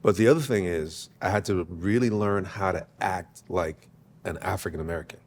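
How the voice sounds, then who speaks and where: A man's voice: low voice, normal speed, a little mellow. A man who grew up in Germany with German as his first language, telling emphatic stories as a guest in a casual interview and laughing often.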